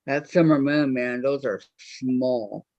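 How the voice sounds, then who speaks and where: A woman's voice: rumbling low, takes it slowly, mellow, dry recording. A woman chatting with quilting friends on a video call, making dry, joking remarks. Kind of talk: casual chat. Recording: muffled video call audio.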